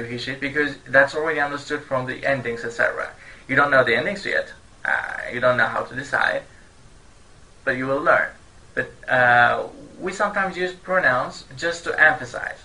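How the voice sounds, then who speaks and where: Cheerful male online language teacher, native Turkish speaker, sharp bright voice at an average pitch, drills phrases with a laugh. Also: low-quality recording. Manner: cheerful, laughs often, repeats phrases slowly for learners.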